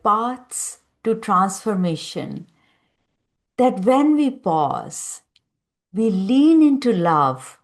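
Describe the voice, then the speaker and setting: A woman hosting a podcast interview, speaking in a calm, affirming way with soft spiritual phrasing. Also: medium pitch. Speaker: podcast host. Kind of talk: slow, gentle interview talk.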